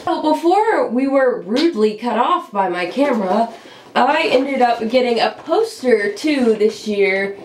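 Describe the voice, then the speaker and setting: Young Californian woman, sick rough voice, gravelly, casual vlog chat, echoey room. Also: a little high, darkish tone, a little hiss or hum. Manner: chatty, uses "like" and "um" a lot. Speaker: vlogger.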